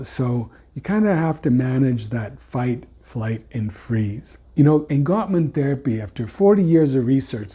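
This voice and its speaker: Husky, dark-voiced male counselor. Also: mid-range voice. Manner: conversational, frequent "you know" fillers and restarts. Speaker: couples counselor. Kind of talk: unscripted educational talk.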